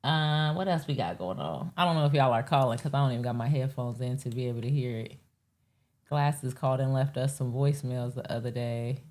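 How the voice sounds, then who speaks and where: Low-voiced woman hosting a live stream. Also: brisk, a little mellow. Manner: rambling, profane, talks to chat. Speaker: live show host. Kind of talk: casual live-stream chat.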